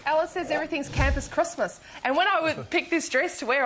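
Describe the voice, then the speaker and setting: A woman teases a fellow guest in a high voice. Her pitch swoops all over. A loud studio audience and heavy noise surround her. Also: big pitch swings, a little fast, a crowd in the background. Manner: teasing, mimicking a friend. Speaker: panel show guest.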